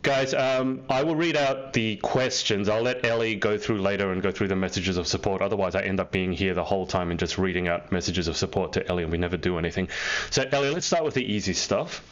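A man's voice: low voice, fast talker, highs cut off. A man hosting a live online interview over a video call, chatty and teasing. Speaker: host.

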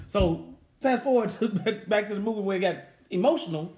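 A man co-hosting a podcast, chatting casually as an animated storyteller who laughs often and swears freely. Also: high voice, fast talker, roomy sound, slight background noise. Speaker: podcast co-host. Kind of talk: casual chat.

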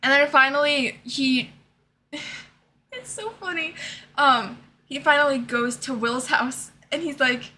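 Young woman, high pitched, bright tone, giggly, casual chat. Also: a little slow, slight background noise. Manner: giggly, keeps cracking up while retelling scenes. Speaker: co-host. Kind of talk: casual chat recapping a TV series.

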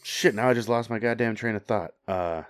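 Deep voiced dude rambling, lots of ums, cussing casually, dry mic sound. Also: male voice, a little fast, no room sound. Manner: rambling, hesitant, many ums, swears casually. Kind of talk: casual chat.

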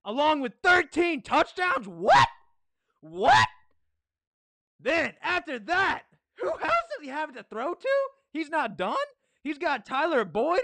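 Bright, forceful and high-pitched with a gravelly edge, this podcast host runs a hyped-up sports preview recorded dry and close. He talks excitably, shouting, firing off rhetorical questions and repeatedly asking "What?"

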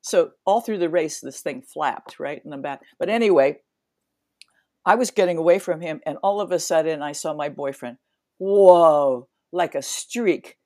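A woman's voice: low-pitched, moderate pace, a little mellow, dry recording, clean studio sound. A woman in her seventies, an interview guest, telling a story vividly, acting out scenes with sound effects and many restarts. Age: 70s.

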